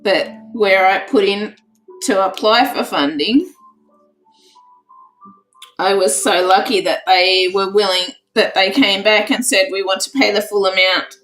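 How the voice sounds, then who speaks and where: A woman hosting a casual crafts livestream, emotional and teary, repeating herself with excitement. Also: mid-range voice, measured pace, soft background music, poor audio. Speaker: crafts channel host.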